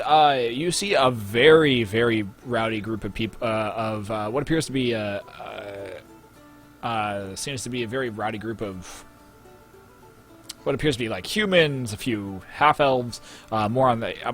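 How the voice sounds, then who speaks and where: Halting young man as game master. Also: medium pitch, lively intonation, fairly bright tone. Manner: halting, many fillers and restarts. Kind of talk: narrating a tabletop game. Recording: faint music behind.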